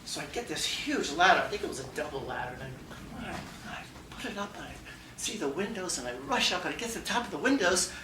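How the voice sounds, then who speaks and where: A man giving a humorous story speech at a contest, animated and acting out dialogue, laughing along. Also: a little high, fast talker, background noise. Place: meeting room before an audience. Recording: echoey room, mic far off, faint ambience.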